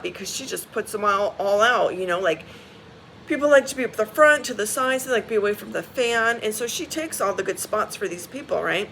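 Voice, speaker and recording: A woman's voice: on the high side, animated, normal speed, sharp tone, a little hiss or hum, poor audio. A woman telling a story in a casual vlog. She rants bluntly and swears, sounding exasperated and repeating her points for emphasis. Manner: emphatic, repeats key phrases. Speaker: vlogger.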